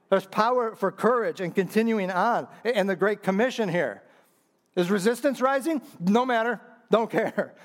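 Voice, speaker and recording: A man preaching a sermon as pastor. He drops to low, earnest asides, then climbs to loud, high emphatic peaks, repeating phrases for emphasis and calling out to the congregation.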